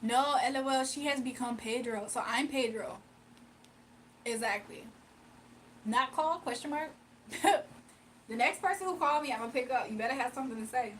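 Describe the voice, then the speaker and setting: A young woman talks casually to her livestream audience, reading out comments and teasing viewers. Her voice sits slightly high and stays relaxed and playful. A faint background noise runs under the recording. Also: moderate pace, pauses often, low-quality recording. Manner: playful, laughs often, reads chat aloud. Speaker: livestream host.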